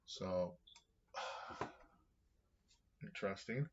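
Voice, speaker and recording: Guy with a lowish voice reading bible verses and musing, kinda dull lo-fi sound. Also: very slow, background noise. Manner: thinking aloud, with many restarts. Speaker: vlogger reading scripture. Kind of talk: reading aloud and reflecting.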